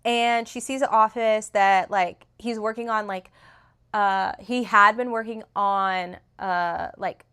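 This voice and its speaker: A woman's voice: medium pitch, fairly even intonation, slow pace, pushed and bright, clear, resonant tone. A young woman in casual, rambling chat, retelling a novel's plot with lots of fillers and restarts, recorded on a phone. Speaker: book reviewer. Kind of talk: casual book review chat.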